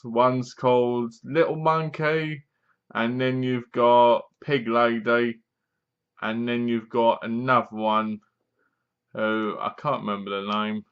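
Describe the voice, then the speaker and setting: A man talks through a horror film in a loose, rambling way, full of asides. His voice sits at a middling pitch. The recording is dull and lo-fi. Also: fairly even intonation, takes it slowly, fairly bright tone, clean tone. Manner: rambling, chatty retelling with asides. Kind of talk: casual film review.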